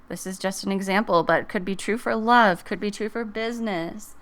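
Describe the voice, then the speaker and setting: A woman's voice: mid-range voice, normal speed, few pauses, a bit bright. A woman giving a casual, encouraging tarot reading to camera, chatting and thinking aloud as she goes. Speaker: tarot reader.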